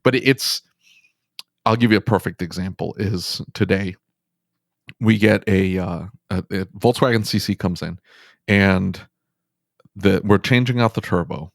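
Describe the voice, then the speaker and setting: Animated, emphatic man, low voice. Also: vocal fry, no room sound, studio quality. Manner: animated, emphatic, talks fast in bursts. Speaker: auto repair shop owner, podcast guest. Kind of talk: casual storytelling conversation.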